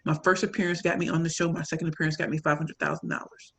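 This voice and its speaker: A woman from St. Louis with a St. Louis accent, telling a story and coaching in an animated, audience-directed way. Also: sits low, fast talker, husky. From St. Louis, Missouri. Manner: animated, addresses audience as y'all, acts out quoted lines. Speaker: pitch coach and speaker. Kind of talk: motivational talk, storytelling.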